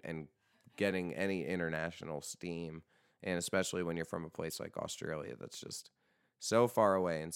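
A man's voice: deep voice, clean tone, dry recording, studio quality. A young man hosting a podcast in a loose, rambling chat, swearing freely and joking about his band. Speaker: podcast host and band vocalist. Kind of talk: casual chat.

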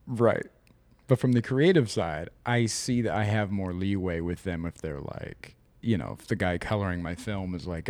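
A relaxed man in his thirties co-hosting a podcast, easygoing and profane, slipping into other people's voices when he quotes them. His voice sits low, and the recording is close and dry with no room sound. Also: moderate pace, no room sound. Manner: loose, swearing, acts out quoted lines. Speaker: podcast co-host. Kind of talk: casual chat.

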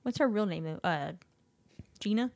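A woman co-hosting a podcast, answering with quick reactions and frequent laughs. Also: mid-range voice, animated, creaky, darkish tone, no room sound. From Louisiana. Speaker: podcast co-host. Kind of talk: casual chat.

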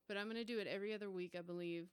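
A young woman from the United States hosting her own podcast, telling a story in a casual, profane, animated way. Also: mid-range voice, very fast, clean tone, dry recording. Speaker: podcast host.

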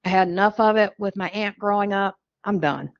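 Speaking fairly quickly at a medium pitch, this middle-aged American woman is a podcast guest sharing her life frankly and wryly, quoting others' words as she goes. There's no echo, but the high frequencies are cut off.

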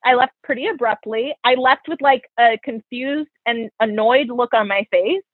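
A young woman with a fairly high, husky voice tells a long personal story to a friend. She is frank and profane, and she quotes both sides of every exchange. The audio is dry, narrow and phone-like. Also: normal speed, no room sound. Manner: animated, profane, quotes people in her stories. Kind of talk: casual storytelling chat. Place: New York.

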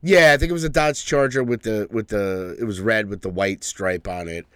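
A man's voice: on the low side, normal speed, fairly bright tone, clear, resonant tone, no room sound, studio quality. A middle-aged man hosting a podcast in casual banter, rambling, swearing freely and laughing often. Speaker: podcast host.

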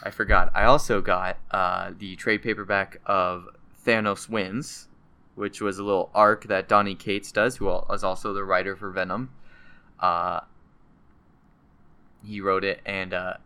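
A young man with a very bright, crisp voice, talking casually about comics and movies. He is animated and slips into goofy character voices as he retells scenes. His voice is smooth and clear throughout. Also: low-pitched, unhurried. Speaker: podcast co-host.

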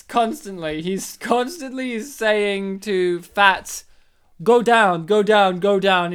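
A woman chatting casually on a podcast, retelling a film plot with animated energy and sudden loud outbursts. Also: medium pitch, smooth. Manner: animated storyteller, acts out characters with loud outbursts.

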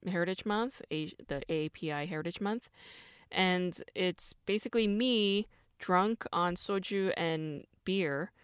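A woman's voice: fairly low pitch, smooth, dry recording, studio quality. A woman hosting a podcast, talking alone in a rambling, self-mocking way with lots of fillers. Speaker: podcast host. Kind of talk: casual solo chat.

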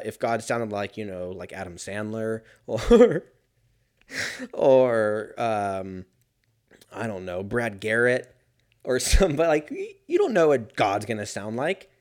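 A man's voice: mid-range voice, a little mellow. A man talking alone in a casual monologue as a podcast host, rambling and swearing and often laughing.

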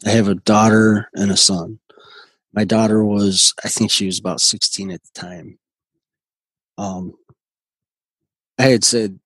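A man in his forties, a guest telling his recovery story in a halting, earnest way with many restarts. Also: lowish voice, little pitch movement, breathy edge, no echo, poor audio. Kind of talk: personal recovery story in conversation.

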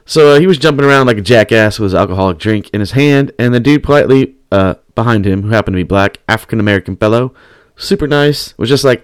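A man's voice: lowish voice, quick pace, clear, resonant tone, no echo. A man hosting a podcast, telling a story in profane, rambling casual chat. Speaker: podcast host.

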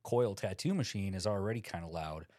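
Laid-back low-voiced man chatting. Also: a little fast, a little mellow, dry recording, studio quality. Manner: laid-back, rambling with fillers. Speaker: podcast co-host, tattoo artist. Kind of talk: casual chat.

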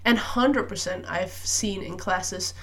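A woman's voice: medium pitch, slow. Chatty young woman in a casual monologue. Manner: chatty, animated, frequent "like" fillers. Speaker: podcast host. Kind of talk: casual solo chat.

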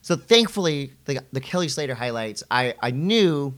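Middle-aged male podcast co-host, animated storyteller, mid-pitched, high-voiced quotes. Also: normal speed. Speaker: podcast co-host and surf commentator. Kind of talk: casual podcast chat.

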